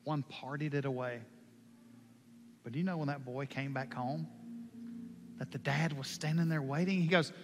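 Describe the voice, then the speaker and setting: A man preaching a sermon with passion, moving from hushed lines to loud ones. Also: on the high side, fairly even intonation, normal speed, long pauses, noisy background. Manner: impassioned, swings from hushed to loud. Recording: long hall reverb.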